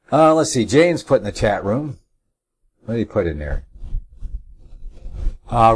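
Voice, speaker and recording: A man's voice: mid-range voice, very animated, moderate pace, long pauses, breathy edge. A middle-aged man hosting a religious talk radio show, rambling with many filler uhs and leaning hard on key words as he reads scripture aloud.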